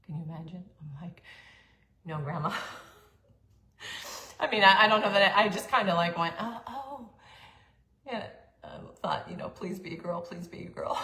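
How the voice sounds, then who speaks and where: A middle-aged woman telling her life story in a chatty monologue, with fillers, throat-clearing and quick asides. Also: low-pitched, fairly bright tone. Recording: echoey room, faint background hum.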